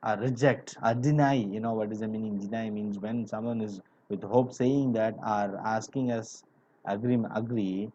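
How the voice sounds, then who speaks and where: Mellow-voiced male teacher explaining a story. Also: fairly low pitch, steady tone, normal speed. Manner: explains word by word, many "you know" fillers. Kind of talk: classroom literature lesson. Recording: dull lo-fi recording.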